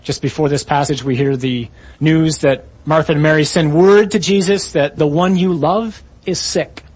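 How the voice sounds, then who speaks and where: Husky man preaching with emphatic rises. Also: fairly even intonation, moderate pace, a little mellow. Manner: emphatic, rising sharply on quoted lines, dropping low at key points. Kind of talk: sermon.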